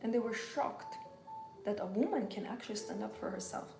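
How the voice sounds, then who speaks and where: A woman's voice: medium pitch, a little fast, gravelly, roomy sound, over music. A woman giving a motivational livestream talk as a femininity coach, emphatic and full of repeated rhetorical questions.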